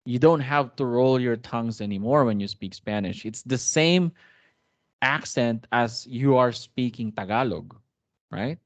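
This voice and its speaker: A man with a Filipino accent teaches an online Spanish class from home, chatty and encouraging as he mixes Tagalog and English. His mid-range voice is a little slow with no room sound, captured in dry, slightly dull lo-fi audio.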